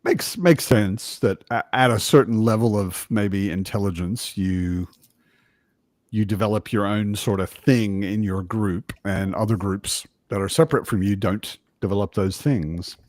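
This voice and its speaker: A man's voice: lowish voice, measured pace, darkish tone, no room sound, studio quality. A man hosting a casual video-call chat with friends, joking around and swearing casually. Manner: chatty, swears casually, jokey. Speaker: host.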